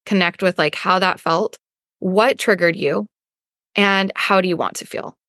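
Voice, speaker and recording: A woman's voice: lowish voice, unhurried, a bit bright, no room sound, studio quality. A woman hosting a podcast as a weight loss coach, talking casually with lots of fillers and acting out inner voices.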